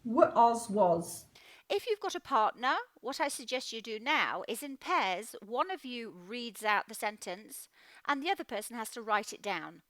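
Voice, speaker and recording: A woman teaching a phonics lesson to children, sounding out words slowly and clearly. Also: fairly high pitch, big pitch swings, fairly bright tone, no room sound.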